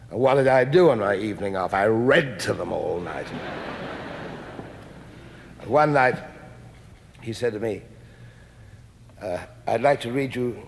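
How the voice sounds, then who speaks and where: A man giving a spoken-word reading to an audience, chatty in his asides and slow and hushed when he reads, with long pauses. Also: fairly low pitch. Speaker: stage reader. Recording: long reverb of a large hall.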